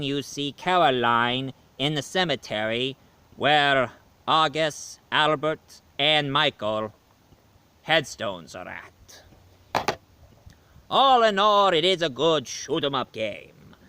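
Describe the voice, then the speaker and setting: A man playing Dracula, a male vampire who is tired of killing, giving a slow, rambling video game review in character. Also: medium pitch, animated, sharp tone, clear, resonant tone, full character voice. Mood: weary. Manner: slow, rambling, self-correcting.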